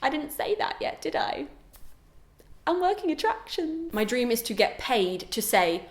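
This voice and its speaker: A young adult woman chatting casually to camera as a vlogger, animated and exclaiming. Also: sits high, a little slow. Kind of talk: casual vlog chat. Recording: roomy echo.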